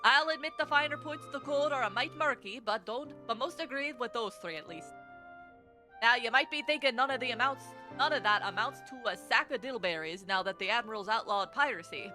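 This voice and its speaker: A woman's voice: fairly high pitch, sharp tone. A woman voicing a swaggering male rogue guildmaster, reading game dialogue aloud in a thick put-on Scottish-style accent.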